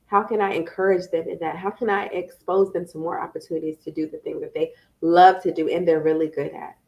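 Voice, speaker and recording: A woman educator giving parenting tips in a lively, conversational live-stream talk with playful asides. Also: lowish voice, dull audio.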